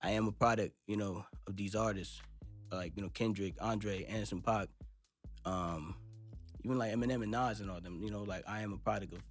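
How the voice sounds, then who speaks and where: A man's voice: lowish voice, steady tone, brisk, soft background music. A young man from Los Angeles with a laid-back West Coast accent, talking casually in a studio interview and rambling with lots of fillers. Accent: West Coast American. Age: young adult. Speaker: rapper guest. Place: recording studio.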